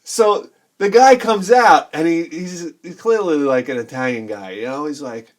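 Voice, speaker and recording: High-voiced excitable storyteller man. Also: moderate pace. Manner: rambling, excitable, laughs often, acts out quoted people. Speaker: video game collector vlogger. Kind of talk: casual storytelling while showing games.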